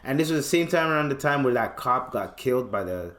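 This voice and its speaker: A man's voice: medium pitch, animated, fast, a bit bright. A man hosting a podcast from Canada, telling a profane, slangy story and acting out the voices of the people in it. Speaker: podcast host. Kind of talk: casual storytelling monologue. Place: home room. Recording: echoey room with a TV left on. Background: television sound.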